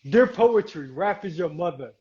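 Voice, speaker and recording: Man, interview host, high voice, dull lo-fi audio. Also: normal speed. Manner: effusive, animated reactions. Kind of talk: casual interview.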